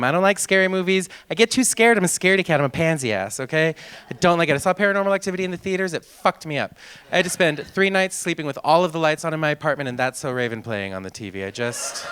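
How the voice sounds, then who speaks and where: A man's voice: on the high side, a bit bright, slight background noise. A man in his thirties with a sing-song voice doing a stand-up comedy set on a theater stage, into a handheld mic. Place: theater stage with live audience.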